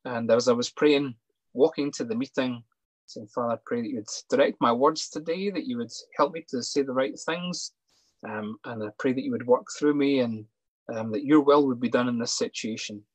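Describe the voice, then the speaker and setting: A man and psychologist telling a personal testimony earnestly, pausing and restarting often. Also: medium pitch, breathy edge, no echo, low-quality recording. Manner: earnest, halting with many fillers and restarts. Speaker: sports psychologist.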